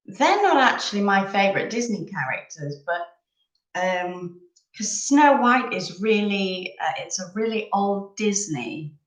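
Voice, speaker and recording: A woman's voice: medium pitch, big pitch swings, unhurried, roomy sound, low-quality recording. A woman in her thirties from England, chatting casually and rambling a little as she hosts a live chat over coffee. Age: 30s.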